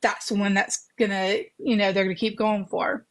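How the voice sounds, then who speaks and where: A woman co-hosting a casual talk about parenting, explaining her point calmly and evenly. Her voice sits at a middle pitch. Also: normal speed. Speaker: podcast co-host. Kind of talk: casual chat.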